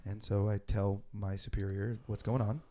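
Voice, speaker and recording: A man's voice: fairly low pitch, level tone, normal speed, warm tone. A man, in his forties, telling a rambling story in a laid-back, casual conversation. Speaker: podcast host.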